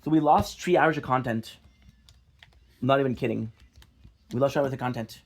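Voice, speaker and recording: A young man talks straight to his viewers in a frustrated, apologetic vlog. His voice has a gravelly, fry-edged texture, and he swears and repeats himself as his annoyance builds. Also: medium pitch, moderate pace. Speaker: gaming vlogger. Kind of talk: casual vlog talk to viewers.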